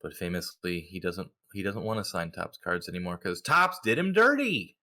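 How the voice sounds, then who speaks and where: A man co-hosting a casual hobby podcast, talking in an animated, joking, opinionated way. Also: deep voice, moderate pace. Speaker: podcast co-host.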